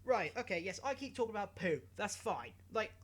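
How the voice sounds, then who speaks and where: Giggly man with a lively voice. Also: high voice, fairly quick, slightly rough. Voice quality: giggly, animated, self-mocking, swears casually. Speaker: YouTube host. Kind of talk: comic news vlog, rambling monologue.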